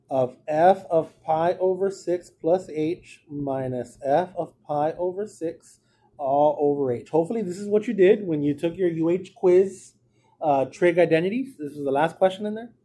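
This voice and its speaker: A man's voice: a little high, dark tone, a little hiss or hum. A man teaching a math class in a classroom, explaining each step in a casual way. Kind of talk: classroom lecture.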